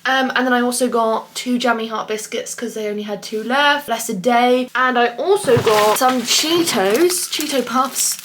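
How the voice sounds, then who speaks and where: Bright, sweary woman vlogging. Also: on the high side, measured pace, hardly any pauses. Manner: blunt, sweary and sarcastic. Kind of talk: casual vlog chat.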